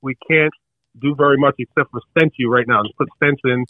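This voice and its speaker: Fast-talking older man telling a story. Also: medium pitch, no echo, narrow, tinny audio. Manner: animated, acts out the other people in his story. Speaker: podcast co-host telling a story. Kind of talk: casual storytelling.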